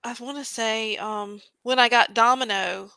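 A woman's voice: a little high, steady tone, a little slow, gravelly, bright, forceful tone, clear, resonant tone, no echo, rough recording. A woman hosting a podcast interview over a video call, chatting and telling rambling stories. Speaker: podcast host. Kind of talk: casual interview chat.

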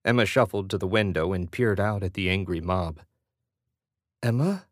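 Guy reading an audiobook, lowish voice, steady, super dry close mic. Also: a little fast, no echo. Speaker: audiobook narrator. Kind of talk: scripted narration.

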